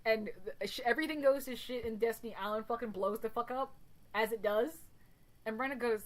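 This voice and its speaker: A woman's voice: a little high, brisk, rough recording. Rambling, swearing young woman storyteller. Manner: rambling storyteller, swears freely, laughs a lot. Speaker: podcast host. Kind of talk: casual chat.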